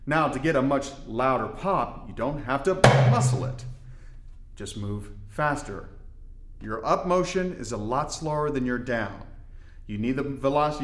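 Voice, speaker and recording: A man from Indiana explaining hand-drum technique in a relaxed, step-by-step way with folksy asides. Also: medium pitch, roomy sound. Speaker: darbuka teacher. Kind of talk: instructional demonstration.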